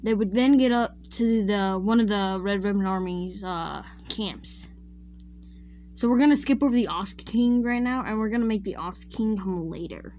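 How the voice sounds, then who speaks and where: A woman's voice: medium pitch, moderate pace, darkish tone, a little hiss or hum. Rambling woman telling a fan story. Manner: rambling, often correcting herself mid-sentence; chatty, addresses viewers directly. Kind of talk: casual retelling of a fan-made what-if story.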